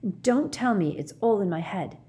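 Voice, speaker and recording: A woman's voice: mid-range voice, lively intonation, normal speed, mellow, pitched above the performer's own voice, lightly acted. A woman voicing a frustrated teenage boy who speaks in an angry, clipped way.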